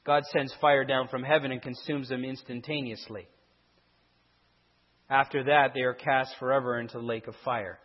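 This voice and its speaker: Husky man teaching in an echoing hall. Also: medium pitch, steady tone, normal speed. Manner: explanatory, with frequent restarts and emphatic stresses. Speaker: Bible teacher. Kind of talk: verse-by-verse Bible teaching. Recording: dull sound with a long hall echo.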